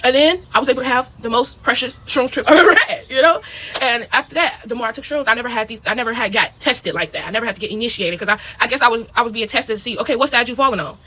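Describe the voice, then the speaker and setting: Talking fast in a voice on the high side, this spiritual video diarist shares a personal story casually and with animation. She curses freely and keeps asking "you know" and "okay?". The audio quality is low.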